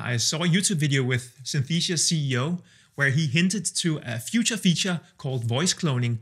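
Husky man in his thirties. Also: medium pitch, fairly bright tone. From Denmark. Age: 30s. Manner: conversational, self-deprecating and candid. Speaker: video creator testing AI tools. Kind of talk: casual vlog talk. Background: faint background music.

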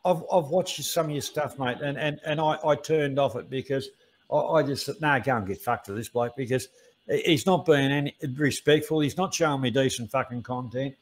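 A man's voice: mid-range voice, fairly quick. A man scolding someone in a heated rant on a live stream, stumbling over his words and swearing often.

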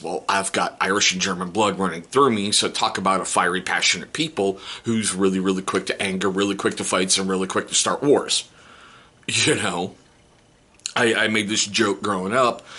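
A man in his forties with a fairly low, husky voice and a forceful, bright edge. He talks to camera in a candid, casual vlog style, tossing in teasing asides and rhetorical questions. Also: steady tone, brisk. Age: 40s. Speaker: vlogger. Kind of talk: casual self-help talk to camera.

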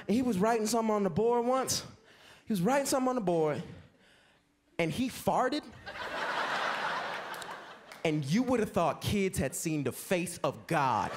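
A young American man doing a stand-up comedy set, acting out stories with big voices and screams. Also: high voice. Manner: animated, acts out screaming kids and voices. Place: comedy club stage with live audience. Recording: live stage set with audience laughter and noise.

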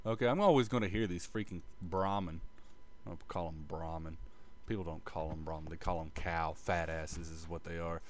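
A gaming video creator walks through a casual gameplay tutorial in an offhand, self-mocking way, muttering, swearing, and humming little effects like "bop bop" under his breath. His low voice keeps a steady tone at normal speed, with slight background noise.

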